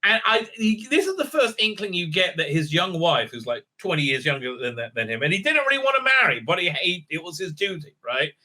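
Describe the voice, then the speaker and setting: Middle-aged man, rambling profane recap, slightly high voice, bright and forceful tone. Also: very animated, brisk, hardly any pauses. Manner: rambling, profane, keeps asking "right?". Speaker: TV show reviewer. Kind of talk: casual spoken recap.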